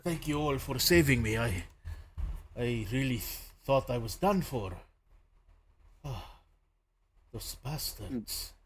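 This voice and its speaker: A man's voice: mid-range voice, lively intonation, slow pace, pauses often, slight background noise. A man voicing a grateful male restaurant owner with a hammy put-on Italian accent, pleading and welcoming. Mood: relieved.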